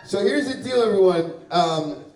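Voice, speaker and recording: A man's voice: high voice, lively intonation, normal speed, a little mellow. A man doing a loose, crude stand-up set, laughing at his own jokes and sweating on a handheld stage mic. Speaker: stand-up comedian. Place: small bar or club with a live audience. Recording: echoey room from far off.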